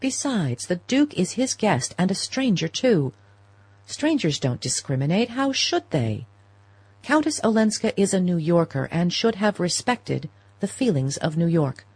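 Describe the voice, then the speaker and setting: A woman reading the part of a proper older society mother who is gentle, fretful and quietly insistent, in an audiobook. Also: fairly low pitch, sing-song, measured pace, husky, dry recording, voice pushed up, exaggerated voice, low-quality recording. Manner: mild, coaxing, quietly insistent.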